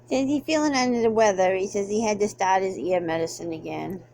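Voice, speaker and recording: A woman's voice: medium pitch, brisk, darkish tone. A woman talking to her pets at home in a casual vlog, slipping into cooing baby talk as she speaks for them. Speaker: pet vlogger. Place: home, indoors.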